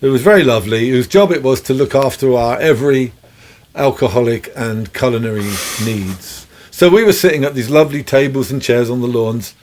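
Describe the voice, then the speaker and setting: A man, a guest musician, telling long rambling stories in a relaxed, chuckling way. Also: medium pitch, brisk, a little hiss or hum. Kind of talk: anecdotal storytelling.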